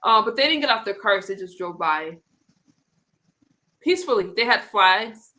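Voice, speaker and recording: A woman's voice: mid-range voice, lively intonation, normal speed, bright, forceful tone, rough recording. A woman hosting a casual political talk stream, chatty and rambling, often restarting her sentences. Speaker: host of a political commentary stream. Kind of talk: casual chat with co-hosts.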